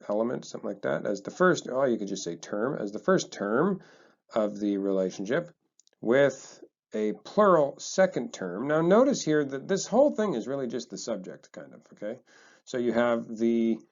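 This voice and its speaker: A man teaching a text lesson, chatty and relaxed, thinking aloud as he explains. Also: mid-range voice, moderate pace, gravelly, highs cut off.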